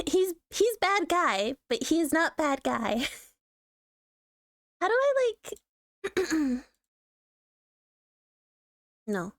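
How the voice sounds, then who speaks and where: A woman streaming casual commentary on online posts, talking bluntly with swearing, frequent throat clearing and lots of laughter. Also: sits high, very animated, drawn-out words, pauses often, no echo, clean studio sound.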